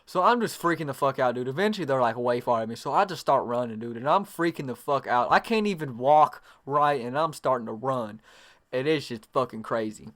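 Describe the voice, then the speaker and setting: A man's voice: mid-range voice, lively intonation, brisk, a bit bright. A young adult man telling a long, rambling story to camera, full of profanity and fillers. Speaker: vlogger.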